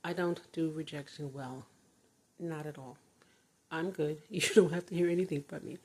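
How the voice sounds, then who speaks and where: A woman's voice: deep voice, moderate pace, slightly rough. An older retired woman chatting casually from her bedroom, rambling and laughing often. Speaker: vlogger. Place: her bedroom, door closed.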